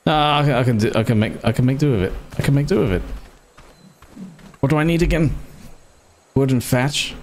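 A young man giving gameplay commentary as a streamer, excitable and swearing at the game as he plays. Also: mid-range voice, fairly quick, long pauses.

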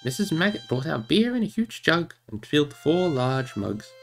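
A man reading a novel aloud on a livestream in an expressive, animated way. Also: a little high, moderate pace, vocal fry, soft background music. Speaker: reader.

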